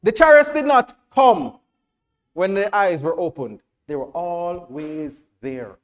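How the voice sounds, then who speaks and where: A Jamaican man preaching a sermon to a congregation in church, checking that everyone follows and rising to loud, emphatic declarations. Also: high-pitched, animated, slow.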